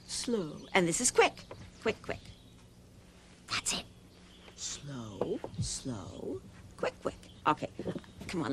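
Lively woman host telling a children's story. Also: on the high side. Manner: animated, playful, sing-song. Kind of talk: storytelling to children, then dance instruction.

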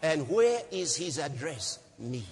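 A man preaching a sermon as pastor, swinging from low murmurs to shouts and repeating phrases for emphasis. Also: sing-song, takes it slowly. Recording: long hall reverb, faint noise.

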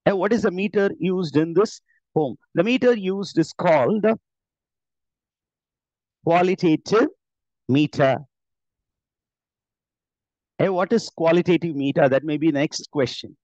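An Indian man teaches a live online class in Indian English, explaining things step by step with many "uh"s and self-corrections. His slightly high, somewhat mellow voice is unhurried, with long pauses, and the computer mic gives dull, dry call audio with no room sound.

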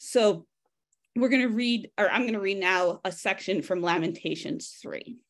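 A woman's voice: medium pitch, normal speed. A woman leading a text study over a video call, speaking conversationally, thinking aloud with frequent restarts and addressing participants by name. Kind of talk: casual teaching, reading and discussing a text.

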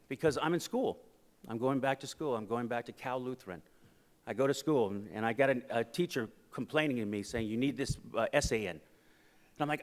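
A man with a fairly high voice gives a keynote speech at a conference. He tells personal stories, sometimes dropping quiet and sometimes rising to loud, emphatic points. The hall has a long reverb. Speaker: keynote speaker. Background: audience laughter.

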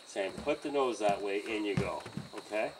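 A man teaching horse handling outdoors by a trailer, in a calm coaching manner with frequent okays and chuckles. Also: on the low side, moderate pace, far from the mic, noisy background. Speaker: horse trainer. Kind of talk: hands-on training demonstration.

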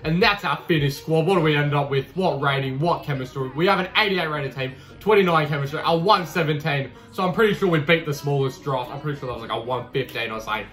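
A young man commenting on his own football video game matches, cheeky and swearing, his voice leaping high when he scores. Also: quick pace, hardly any pauses. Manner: cheeky, swears, bursts into high shouting over goals. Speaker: gaming YouTuber. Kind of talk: excitable gameplay commentary. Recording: roomy echo with faint music.

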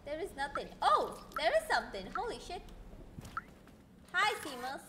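A young woman streaming a game, chatting excitably and reading lines aloud. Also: sits high, normal speed, noisy background. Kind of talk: live game commentary.

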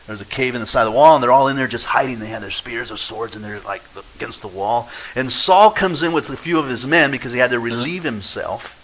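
A male pastor preaching a sermon, lively and acting out quoted voices, swinging between loud and quiet. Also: medium pitch, quick pace, hardly any pauses, a little hiss or hum, rough recording.

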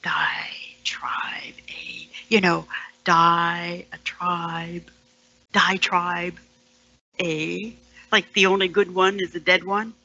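A woman performing a poem as a storyteller, sardonic and dropping into hushed whispered asides. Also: on the low side, flat delivery, extremely slow, dull audio. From Canada, Ontario. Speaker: storyteller and poet. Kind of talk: dramatic poetry performance.

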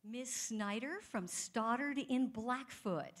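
A woman's voice: a little high, takes it slowly. A woman organizer announcing names at an awards ceremony in a large ballroom, friendly and coaxing people to come up. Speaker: event organizer.

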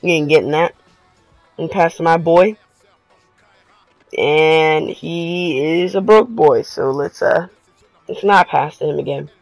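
A young man giving live, excitable commentary on his own basketball video game match, full of slangy trash talk. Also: a little high, slow pace, creaky, long pauses, no room sound, soft background music, poor audio. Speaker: gaming video creator.

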